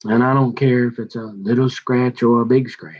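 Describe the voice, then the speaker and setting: Man, husky voice, low-pitched, folksy rambling rant, dull lo-fi sound. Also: fairly even intonation, moderate pace. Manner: folksy, colloquial, meandering with restarts.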